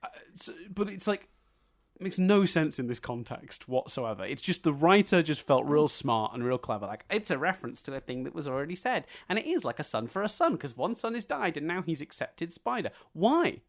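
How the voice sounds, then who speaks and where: Guy on a podcast ranting hard, voice kinda high and swings all over the place. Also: moderate pace. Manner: animated ranting, swearing, mocking quotes. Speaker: podcast co-host. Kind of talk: casual film review chat.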